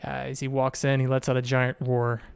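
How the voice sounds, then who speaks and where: Casting: male game master, smooth higher voice, dry close sound, easy narration. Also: normal speed, dry recording. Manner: relaxed descriptive narration.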